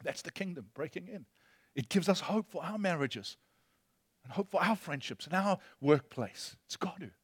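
Guy preaching a sermon, fairly high voice, gets loud then goes quiet and soft, dry close sound. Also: expressive, moderate pace, husky, dry recording. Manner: impassioned, swinging from loud preaching to hushed storytelling. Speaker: pastor.

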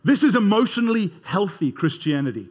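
A man's voice: sits high, sing-song, a little fast. A man preaching a sermon in a conversational way, leading the congregation in call-and-response. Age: 30s or older.

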